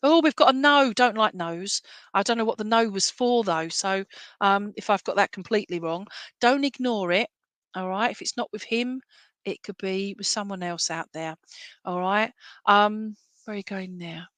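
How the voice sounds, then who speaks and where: A woman's voice: medium pitch, moderate pace, fairly bright tone, no echo. A woman giving an online clairvoyant reading, chatty and reassuring, checking with her listeners whether messages make sense. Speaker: medium.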